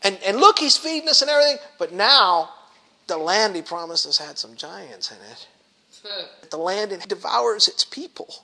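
A man's voice: high voice, normal speed, bright, forceful tone. A middle-aged man leading an informal Bible study, talking animatedly with many restarts and acting out grumbling voices.

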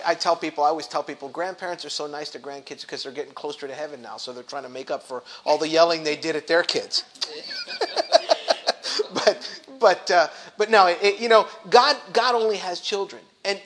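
A middle-aged man teaches a Bible study in a loose, animated way. His voice sits high and rings bright and sharp. He stumbles and restarts often and slips into acted-out grumbling voices. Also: moderate pace.

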